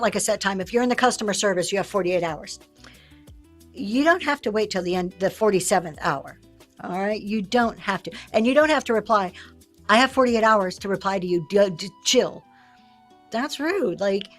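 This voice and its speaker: A woman hosting a livestream, teaching sellers in a lively way and acting out the lines she quotes. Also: mid-range voice. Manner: lively, acts out quoted sales talk. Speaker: live-selling host.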